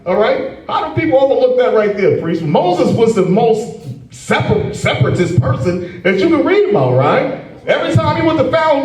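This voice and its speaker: Emphatic high-voiced preacher, echoey room. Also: male voice, sing-song, moderate pace, darkish tone. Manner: emphatic, tags lines with "man" and "okay?"; mocking asides and chuckles. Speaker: preacher leading a scripture class. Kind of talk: informal preaching. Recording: echoey room, mic at a distance.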